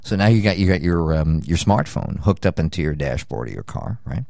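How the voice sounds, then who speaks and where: Older guy radio host rambling and joking, low voice, swoops up and down a lot, dry studio sound. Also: expressive, a little fast, creaky, darkish tone, no room sound. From United States. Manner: rambling, jokey, riffs on lists. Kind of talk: rambling promo read.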